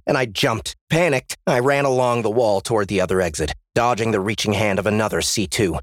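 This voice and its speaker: A man's voice: lowish voice, fairly quick, hardly any pauses, no room sound, studio quality. A man narrating a first-person story as an audiobook, in a tense, dramatic reading.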